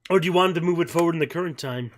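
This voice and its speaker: A man's voice: on the high side, rapid-fire. A man streaming a game and chatting casually with viewers, rambling and often repeating words. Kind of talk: casual let's-play chat. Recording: game music behind.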